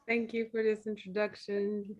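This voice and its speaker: A woman working as an NLP coach, speaking to a group on a video call and leading a slow, soothing breathing exercise. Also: mid-range voice, completely flat delivery, muffled recording. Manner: soft, slow and soothing when guiding the breathing. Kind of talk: guided breathing exercise and seminar talk. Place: home, late at night.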